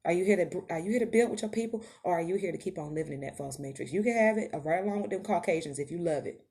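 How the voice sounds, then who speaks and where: A woman's voice: fairly low pitch, very fast, dark tone. A woman podcast host, giving an impassioned motivational monologue that rises to emphatic calls to her listeners. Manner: preachy, rising to emphatic calls to the audience.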